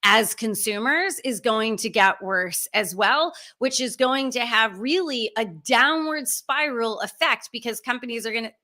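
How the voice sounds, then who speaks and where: A woman with a bright, forceful voice that sits a little high, talking straight to her audience of coaches and consultants. She is emphatic and conversational and keeps asking them rhetorical questions. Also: unhurried, hardly any pauses. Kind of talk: direct-to-camera talk.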